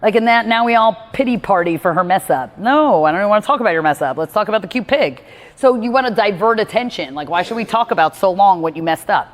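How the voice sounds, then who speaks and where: Lively woman host giving a motivational talk, voice ringing with long reverb. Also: mid-range voice, fast talker. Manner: animated, acts out quotes from others.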